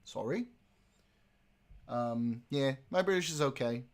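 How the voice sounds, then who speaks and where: A man's voice: medium pitch, expressive, takes it slowly. A man speaking in a put-on British accent, jokey and mock-proper.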